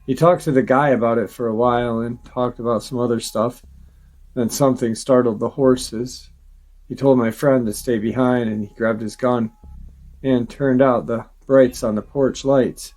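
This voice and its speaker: Male narrator, average pitch, calm steady reader for first-person story reads. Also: moderate pace. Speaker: channel host reading a viewer's story.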